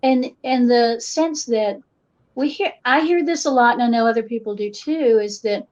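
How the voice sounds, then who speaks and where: On muffled, lo-fi audio, a middle-aged woman from western North Carolina tells stories as the guest folklorist in a casual interview. She has an Appalachian Southern accent that shifts to match her listeners, a fairly high pitch, a moderate pace, and a lively storytelling style.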